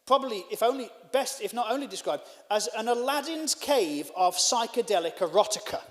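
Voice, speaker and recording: A male stand-up comedian telling a story in a self-deprecating way. His voice sits high and swoops all over the place. A long reverb trails behind him, as in a large venue. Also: expressive, a little fast. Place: live venue.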